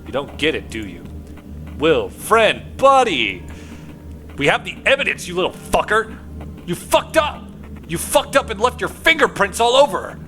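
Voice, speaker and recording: A man voicing a gruff male police detective who needles a suspect and bursts into shouted threats, with game music behind. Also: mid-range voice, expressive, moderate pace, close to an everyday voice. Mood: menacing.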